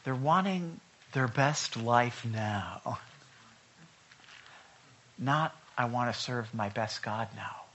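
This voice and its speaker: A pastor with a mid-range voice preaches conversationally, taking it slowly with long pauses. He loudly urges his listeners at one moment, then reads scripture in a hushed voice the next.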